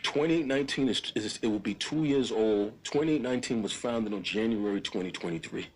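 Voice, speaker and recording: A man's voice: lowish voice, brisk, darkish tone. A man, a pastor, talking in a casual interview, earnest and informal, often building into impassioned preacher-like appeals. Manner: informal, keeps calling the listener "bro". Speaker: pastor, podcast guest. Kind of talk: casual conversation.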